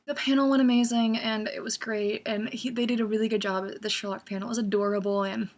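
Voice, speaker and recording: Higher-voiced young woman telling a story. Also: fairly quick. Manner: animated, acts out her own excitement with gasps and squeals. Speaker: vlogger. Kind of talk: casual storytelling vlog.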